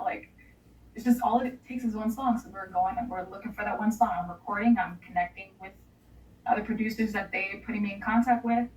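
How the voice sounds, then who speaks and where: A young woman recounts her past in a loose, heartfelt way, full of casual slang. Her voice sits at an ordinary middle pitch. It sounds set back from the mic in a roomy, echoing space. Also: fairly even intonation, brisk, darkish tone, recorded from a distance. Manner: candid, emotional storytelling with casual slang. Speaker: interview guest. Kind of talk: personal testimony in an interview.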